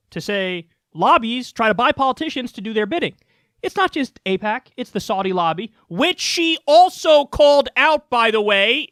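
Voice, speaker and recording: A man's voice: very high voice, a bit bright, no echo, clean studio sound. A man giving a heated, sarcastic political commentary rant, swearing freely. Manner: fired-up, sarcastic, profane.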